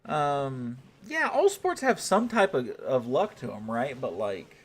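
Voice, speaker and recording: A man's voice: mid-range voice, big pitch swings, takes it slowly. A man from the United States chatting casually on a livestream, swearing freely, laughing often and teasing his chat. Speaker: streamer reading and answering chat.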